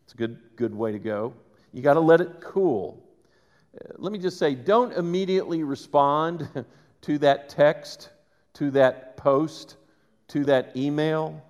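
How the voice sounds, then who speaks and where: A man preaching a sermon, conversational and animated, with quick asides to the congregation. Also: fairly high pitch. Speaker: pastor. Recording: reverberant church hall.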